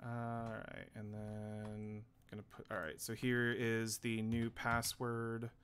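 A man's voice: lowish voice, monotone, takes it slowly, a bit bright, clean tone. A man hosting a casual charity game stream, humming filler syllables while he sets things up. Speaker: stream host. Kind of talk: casual gaming stream chat.

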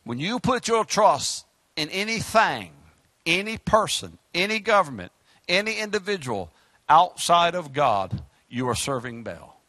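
A man preaching a sermon as pastor, fiery, with sudden shouts and hushed drops. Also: on the high side, big pitch swings, measured pace, no echo.

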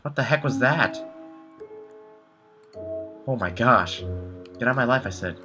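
A man's voice: mid-range voice, expressive, measured pace, music in the background. A young man commentating his own video game play, panicky and talking to himself, repeating words in frantic bursts. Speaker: gameplay commentator. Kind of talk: live gameplay commentary.

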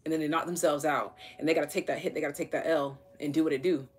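Low-voiced chatty woman reading tarot. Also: fairly even intonation, fast, husky. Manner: chatty, swears casually, many fillers. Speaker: tarot reader. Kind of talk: casual live tarot reading.

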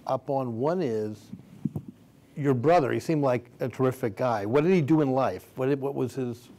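Older man, stage panel moderator, rambling restarts, average pitch, live Q&A. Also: mellow. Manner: rambling, halting questions with many restarts. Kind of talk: onstage Q&A conversation. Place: theater stage before an audience.

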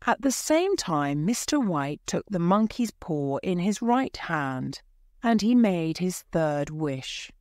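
A woman reads a story aloud very slowly and clearly for English learners. Her pitch sits low but moves in lively swings, and the sound is dry and close to the mic. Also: dry recording. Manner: clear, deliberate.

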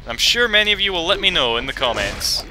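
A man's voice: a little high, big pitch swings, fast talker, music in the background. A man giving let's play commentary over a boss fight, frustrated and rambling, with lots of swearing. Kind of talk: gaming commentary.

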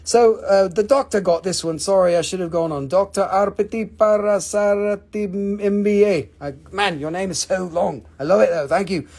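A man's voice: high voice, fairly even intonation, normal speed, gravelly, few pauses, a little mellow. A man hosting a live crystal sale, joking and swearing casually in loose, offhand phrasing. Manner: joking, profane, loose non-native phrasing.

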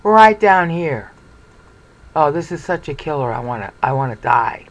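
Excitable Bible study presenter. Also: mid-range voice, moderate pace, rough recording. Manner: excitable, lively, thinks aloud. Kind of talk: informal screen-share lecture.

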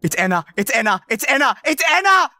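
A man's voice: extremely high pitch, sing-song, brisk, sharp tone, no room sound. Frantic pleading man, dry close mic. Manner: panicked, pleading, repeating himself over and over. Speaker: streamer playing a party game. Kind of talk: frantic live game chatter.

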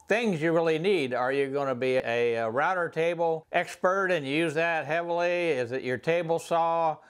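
An older man with a Southern accent giving a rambling, folksy tour of his home garage workshop, pausing often with "uh". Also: fairly high pitch, smooth. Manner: rambling, folksy, many "uh" pauses. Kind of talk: casual tool tour.

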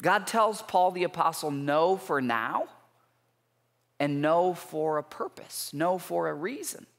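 A man's voice: on the high side, animated, vocal fry. Earnest male pastor in a reverberant hall. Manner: earnest, emphatic preaching with rising intensity and pauses. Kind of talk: sermon. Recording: long church hall reverb.

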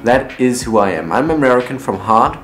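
A man's voice: medium pitch, lively intonation, fairly quick, fairly bright tone. A young man, talking earnestly and reflectively in a casual personal vlog, often restarting his sentences. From Germany, raised partly in the US. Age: young adult. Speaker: vlogger. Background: faint laid-back guitar music.

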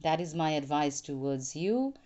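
A young woman reads tarot cards for a viewer in a slow, reassuring manner. Her voice sits slightly low, and she lets words draw out gently as she lays each card down. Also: animated. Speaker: tarot reader. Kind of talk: one-card tarot reading addressed to viewers.

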